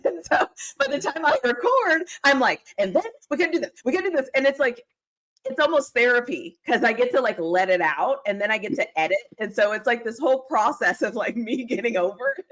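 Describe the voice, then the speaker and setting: A woman's voice: on the high side, a little fast. Woman rambling about football on a stream call, bouncy voice, laughs a lot. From Pittsburgh area. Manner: animated, laughs often, rambling. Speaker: co-host of a football talk stream. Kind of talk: casual chat. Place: home, live stream call. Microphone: video call.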